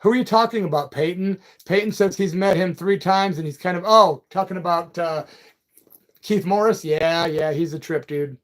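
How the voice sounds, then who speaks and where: Viewer comments get read out loosely and warmly by a high-voiced man hosting a casual live chat at normal speed. He's a livestream and radio host from Peoria, Illinois, and he calls people "brother" and "man."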